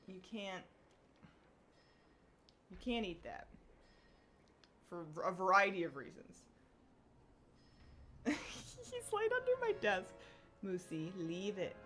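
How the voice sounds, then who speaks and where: A woman live-streaming a game who chats casually, laughs often and coos at her pets in a high sing-song. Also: fairly bright tone.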